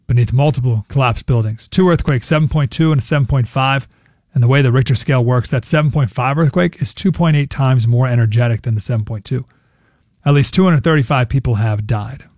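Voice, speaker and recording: A male radio news anchor reading the week's headlines with a punchy, opinionated delivery. His voice sits at a middle pitch, recorded dry and close in the studio. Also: no echo.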